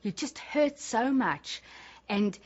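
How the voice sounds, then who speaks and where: Woman, mother, fairly high voice, soft emotional recollection, dull lo-fi audio. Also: animated, slow. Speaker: interviewee, mother. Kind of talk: interview recollection.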